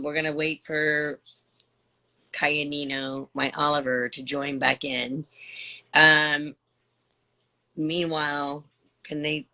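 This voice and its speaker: An older woman speaks warmly but haltingly to her followers over a phone or video stream. Her voice is gravelly, and she talks slowly, gushing and stumbling into restarts as she rambles. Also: low-pitched. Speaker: livestream host. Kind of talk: emotional live-stream chat.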